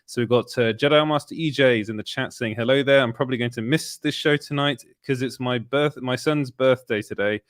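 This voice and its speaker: A man's voice: medium pitch, a little fast, hardly any pauses, no echo, studio quality. A man hosting a casual live stream, upbeat and chatty, greeting viewers in the chat. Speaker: host.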